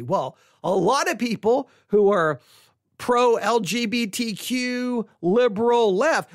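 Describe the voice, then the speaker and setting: Chatty commentator voice, bounces all over in pitch, keeps repeating words, super dry close sound. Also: animated, unhurried, dry recording. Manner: chatty, repeats words, retells own reactions. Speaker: online commentator on faith and music. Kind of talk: casual spoken commentary.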